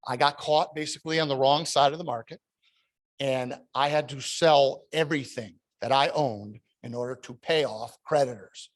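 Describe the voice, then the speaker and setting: A man's voice: mid-range voice, moderate pace. A man in his thirties, the toastmaster of a club meeting, telling a personal story in a prepared speech with rhetorical questions.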